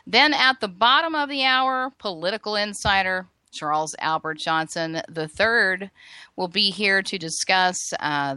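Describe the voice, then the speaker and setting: A woman's voice: on the low side, pushed and bright, dry recording. A woman hosting a talk radio show in a studio, chatty and indignant, with frequent restarts.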